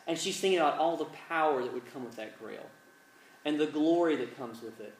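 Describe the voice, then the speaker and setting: A man's voice: on the high side, fairly quick. A man preaching at an evening gathering, retelling a film scene animatedly, then praying earnestly. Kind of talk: sermon with storytelling and prayer. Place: large room, evening gathering. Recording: echoey, distant mic, faint ambience.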